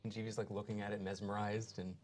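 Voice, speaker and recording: A man's voice: fairly low pitch, level tone, fast talker, darkish tone, soft background music. A man playing in a tabletop game, chatting casually and laughing often. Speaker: player.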